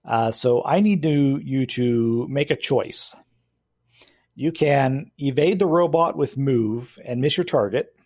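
A man's voice: mid-range voice, darkish tone, husky. A man acting as game master, explaining rules and narrating a tabletop game with frequent hesitations.

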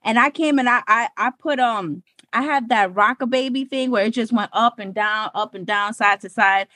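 A woman's voice: on the high side, normal speed, bright, forceful tone, dry recording, studio quality. A woman co-hosting a podcast, talking bluntly and profanely with sassy asides in casual chat. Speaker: podcast co-host.

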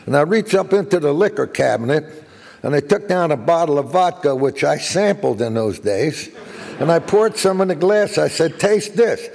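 An older man giving a guest speech, telling jokey anecdotes as an animated raconteur. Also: fairly high pitch, moderate pace, creaky, in a large hall. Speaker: guest speaker.

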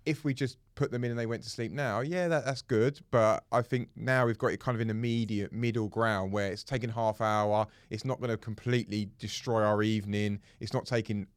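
A man's voice: fairly low pitch, fairly even intonation, brisk, few pauses, smooth, no echo, studio quality. A man in his thirties chatting casually as a podcast co-host, rambling and often restarting his sentences. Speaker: co-host, parent. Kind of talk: casual chat.

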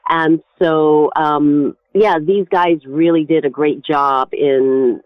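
A woman's voice: low voice, fairly even intonation, slow pace, no room sound. A woman, an actor guest, answering interview questions from home, rambling with frequent restarts. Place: home recording setup. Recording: tinny phone-like line.

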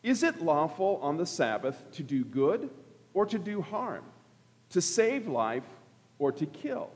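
A man's voice: fairly high pitch, very animated, takes it slowly. A man reading as stern Jesus, in a church. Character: Jesus, a stern male teacher challenging critics. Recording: echoey church sanctuary.

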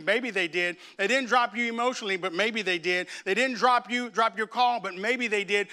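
A man preaching a sermon, telling his own story in hushed tones and then rising to loud preaching aimed straight at his listeners. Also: high voice, smooth. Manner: speaks straight to viewers and congregation. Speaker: pastor. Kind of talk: sermon with personal testimony.

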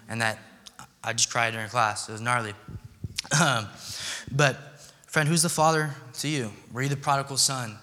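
A man's voice: medium pitch, pushed and bright. Young man preaching in a reverberant hall. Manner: conversational, joking, self-deprecating, with slang. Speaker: pastor. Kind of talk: casual sermon.

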